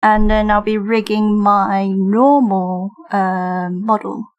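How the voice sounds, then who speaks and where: A British woman chats at an unhurried pace on a livestream, her pitch sitting mid-range for a woman. She giggles often as she talks through her drawing work. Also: steady tone, highs cut off. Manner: giggly, talks while drawing and reading chat. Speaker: streamer and digital artist. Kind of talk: casual livestream chat.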